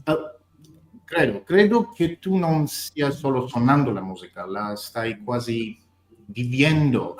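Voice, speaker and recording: A man who is an orchestra conductor giving feedback haltingly, searching for words in a language that is not his first. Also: mid-range voice, animated. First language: not Italian. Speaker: orchestra conductor on a judging panel. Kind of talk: spoken feedback to a performer. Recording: roomy with faint background noise.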